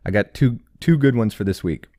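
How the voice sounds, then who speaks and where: A man's voice: lowish voice, fairly quick, warm tone, no echo, studio quality. A man co-hosting a podcast in casual chat, easygoing as he sets up questions for his partner. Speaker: podcast co-host.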